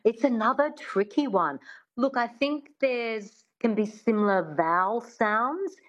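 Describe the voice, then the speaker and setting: A woman's voice: a little high, animated, measured pace. A woman guest on a radio show, an accent coach, speaking enthusiastically and agreeably. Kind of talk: radio interview. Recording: dull lo-fi sound.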